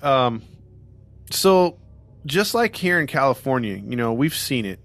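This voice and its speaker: Casual male podcast host, mid-pitched, rambling with fillers and sarcastic jabs. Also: very animated, unhurried, a bit bright, dry recording, faint music behind. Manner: rambling, frequent "you know" fillers and restarts. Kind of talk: casual true-crime storytelling chat.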